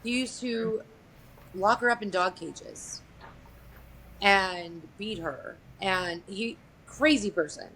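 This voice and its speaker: A woman recounts a family story in plain, candid conversation. She is blunt and unfiltered, swears without hesitation and stays matter-of-fact through hard details. Her voice sits at a middle pitch, and faint ambient noise runs behind her. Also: slow pace, fairly bright tone, poor audio. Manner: blunt, profane, matter-of-fact with frequent fillers. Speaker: guest sharing a family story.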